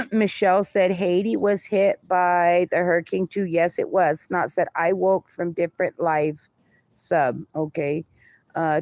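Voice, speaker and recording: Slow-talking livestreamer reading chat. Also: medium pitch, dry recording. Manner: reads viewer comments out, laughs often. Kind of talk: casual livestream chat, reading comments aloud.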